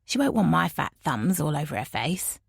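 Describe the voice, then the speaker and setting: A man's voice: a little high, big pitch swings, normal speed, gravelly, husky, no room sound, studio quality, heavily acted. A woman doing a kindly, mumbling man. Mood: concerned. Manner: gentle, mumbling.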